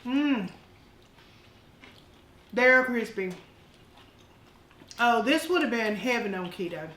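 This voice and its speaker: A woman's voice: a little high, expressive, takes it slowly, fairly bright tone, echoey room. A woman hosting a home cooking channel, chatting folksy and casual with viewers during a taste test.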